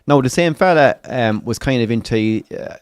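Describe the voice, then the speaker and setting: A man's voice: medium pitch, animated, moderate pace, smooth, no echo, clean studio sound. An Irish man co-hosting a football watchalong, telling a long swearing pub story and acting out the people in it. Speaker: watchalong co-host.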